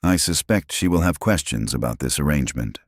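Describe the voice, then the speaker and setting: A man's voice: a bass voice, lively intonation, no room sound, studio quality. A man voicing a towering, formal alien warrior. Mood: solemn. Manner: formal, measured speech. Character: huge fearsome alien predator turned gentle father.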